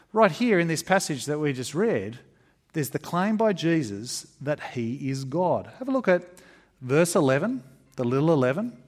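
A man preaching a sermon in an emphatic, conversational way, with fillers and restarts. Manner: expressive, emphatic preaching with varied pitch. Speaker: pastor.

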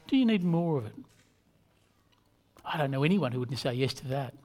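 An earnest male preacher delivers a sermon at a measured pace. His voice sits in an ordinary middle register, and he drives points home by repeating key phrases. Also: mid-range voice, lively intonation, darkish tone. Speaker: pastor.

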